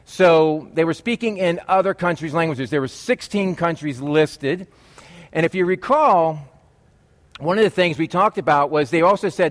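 Male pastor, conversational sermon, jokey asides, a touch high-pitched. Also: normal speed. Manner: chatty, jokey asides to the congregation.

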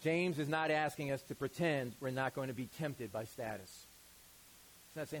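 A man's voice: medium pitch, normal speed, slight background noise, low-quality recording. A male pastor giving a sermon in a casual, conversational way, with frequent asides to the congregation.

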